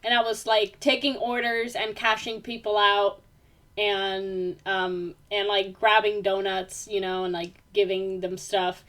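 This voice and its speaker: Medium in pitch, fairly bright, and a little slow with little pitch movement, a young woman vents in a casual vlog. Her rambling talk is full of fillers, and it turns heated and emphatic as she rants.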